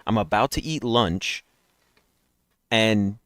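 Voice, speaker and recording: A man's voice: fairly low pitch, takes it slowly, fairly bright tone, no echo, clean studio sound. A man streaming daily guessing games, chatting and rambling nonstop to his viewers through a headset mic while yawning. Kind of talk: casual live-stream chat.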